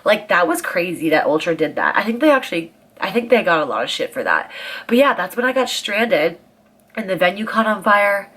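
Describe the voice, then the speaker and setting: A woman in her twenties, a vlogger telling a story in casual chat, animated and profane, leaning hard on dramatic emphasis. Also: medium pitch, a little fast.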